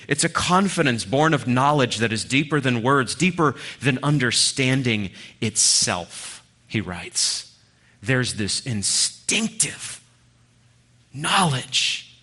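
Guy preaching a sermon, bright sharp tone, earnest, goes loud then almost whispers. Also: mid-range voice. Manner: earnest, swings from loud emphasis to near-whisper. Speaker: guest preacher.

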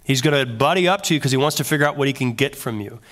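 A man's voice: medium pitch, racing, fairly bright tone, lightly acted. A man voicing a streetwise male prison inmate who bluntly warns a newcomer. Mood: warning.

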